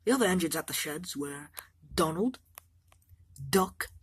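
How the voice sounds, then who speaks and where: A woman's voice: sits low, lively intonation, unhurried, husky. A woman casually narrating a homemade toy-train story, rambling and adding offhand asides.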